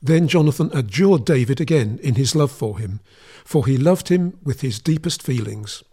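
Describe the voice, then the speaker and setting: A man giving a steady, measured scripted reading of a Bible passage. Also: medium pitch, husky. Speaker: scripture reader.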